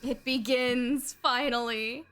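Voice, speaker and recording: A woman in her twenties giving casual commentary while she plays a video game, rambling and excitable, dropping swears freely. Her voice is bright and a touch high. Faint game music plays underneath. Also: slow, clean tone. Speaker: game streamer. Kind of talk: casual let's-play commentary.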